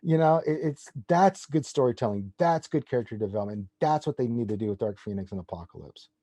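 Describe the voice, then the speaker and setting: Forties male guest, casual and rambling, warm mellow timbre, dry close sound. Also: mid-range voice, animated, fast, no room sound. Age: 40s. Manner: enthusiastic comic-book fan, rambling. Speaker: podcast guest. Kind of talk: casual chat.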